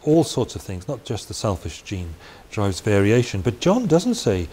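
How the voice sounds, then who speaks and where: A man's voice: fairly low pitch, very animated, normal speed, warm tone. Man giving a chatty Bible talk. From Wales. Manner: conversational, chatty asides and restarts. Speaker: preacher. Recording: faint hiss.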